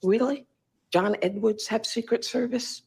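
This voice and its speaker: A bitter, husky candidate's wife. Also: female voice, on the high side, a little slow, darkish tone, exaggerated voice. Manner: cutting, bitter. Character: sharp-tongued wife of a presidential candidate. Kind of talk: TV drama acting.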